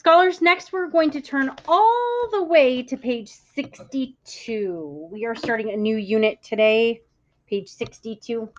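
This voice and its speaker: A woman teacher giving a classroom vocabulary lesson, speaking clearly and deliberately, stressing words for the class to echo. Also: a little high, lively intonation, slight background noise. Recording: muffled lo-fi audio.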